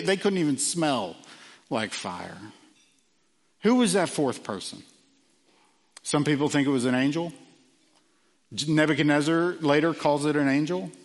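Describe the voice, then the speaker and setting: A man preaching a sermon earnestly, with frequent fillers and quiet drops for emphasis. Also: on the high side, in a large hall. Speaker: pastor.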